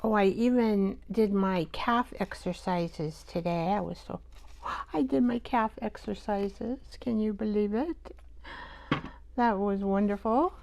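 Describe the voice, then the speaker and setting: A woman hosts a live crafting stream at an unhurried pace, rambling and thinking aloud as she works. Her voice has a gravelly fry at mid pitch. She drops into soft, half-whispered asides now and then. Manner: chatty, rambling, talks to herself while working. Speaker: host of a live art show.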